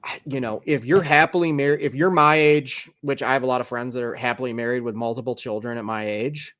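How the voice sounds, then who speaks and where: Animated, swearing podcast host. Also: male voice, fairly quick. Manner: animated, swears freely, rises high when excited. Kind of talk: casual chat.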